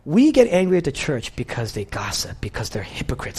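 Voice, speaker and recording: A man's voice: mid-range voice, huge pitch swings, a little fast, hardly any pauses, a little mellow, husky. A man preaching a conversational sermon, earnest and confessional, often restarting and saying "you know". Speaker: pastor.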